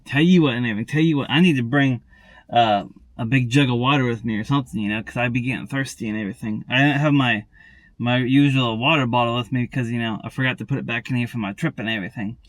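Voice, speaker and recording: A man's voice: mid-range voice, quick pace, no room sound. A man chatting casually to viewers in a daily vlog. He rambles and repeats himself, constantly adding "and everything" and "tell you what.". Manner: talks straight to viewers, repeats words. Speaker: daily vlogger.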